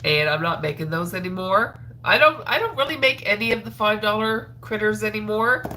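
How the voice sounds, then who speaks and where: A woman's voice: mid-range voice, lively intonation, fairly quick, pushed and bright, a little hiss or hum. A woman with a stuffed-up nose, hosting a crochet livestream in a rambling, chatty way full of ums. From Atlantic Canada. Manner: rambling, chatty, with frequent ums and trailing sos. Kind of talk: casual livestream chat while crocheting.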